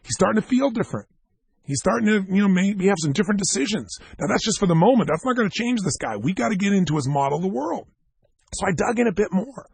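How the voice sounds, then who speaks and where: A man giving a motivational seminar talk, telling a story to a live audience in an animated way and acting out the dialogue. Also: sits high, quick pace, creaky, husky, no echo. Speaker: motivational speaker.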